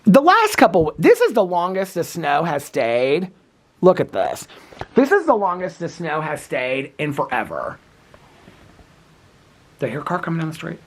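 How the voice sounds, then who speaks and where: Giggly fifty-something guy vlogging out in the snow, super animated, calls everyone honey. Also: a little high, moderate pace, pauses often, a little hiss or hum. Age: 50s. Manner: giggly, chatty, calls viewers girl and honey. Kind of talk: casual daily vlog to camera. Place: outdoors in cold snowy weather.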